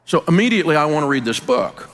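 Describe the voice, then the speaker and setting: A man's voice: very animated, fast, a bit bright. Folksy Southern man, echoey hall. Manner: folksy, emphatic, drops low for emphasis. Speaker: business speaker and radio host. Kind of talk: folksy motivational talk.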